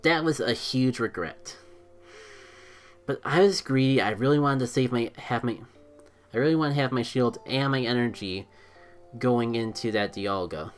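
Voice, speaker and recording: A streamer playing a mobile game gives live commentary in an even, middle-pitched voice at normal speed, with faint game music underneath. Excitable, he thinks aloud, second-guesses his decisions and is openly self-critical.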